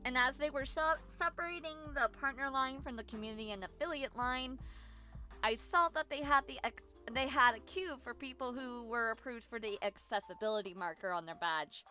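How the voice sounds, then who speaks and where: A woman's voice: sits high, moderate pace, bright, forceful tone, soft background music. A woman chatting casually on a stream as a VTuber, bubbly and chatty but tired and yawning.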